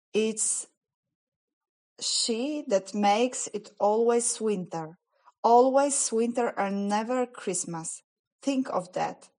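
A woman voicing a guilt-stricken male faun, gentle and fretful, with an anxious, pleading, slightly raised voice. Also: mid-range voice. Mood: confiding.

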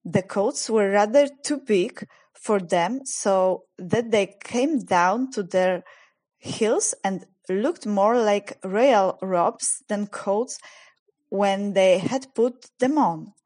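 A woman reading a children's novel aloud as narrator, gentle and expressive. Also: mid-range voice, extremely slow.

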